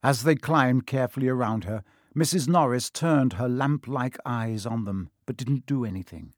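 A man narrating a storybook audiobook in a measured, expressive reading. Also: mid-range voice, dry recording, studio quality.

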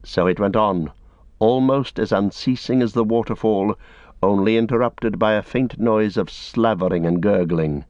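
This man reads a fantasy story aloud in a steady, measured way, his voice sitting low. The recording is dry and close but a bit dull and lo-fi. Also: no echo. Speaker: audiobook reader. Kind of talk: scripted narration.

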